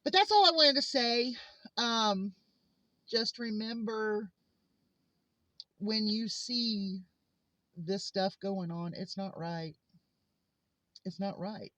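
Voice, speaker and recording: A woman's voice: mid-range voice, fairly bright tone, no room sound. A woman vlogger telling personal stories in a heartfelt, earnest way. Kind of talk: casual personal monologue. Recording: slightly muffled lo-fi recording.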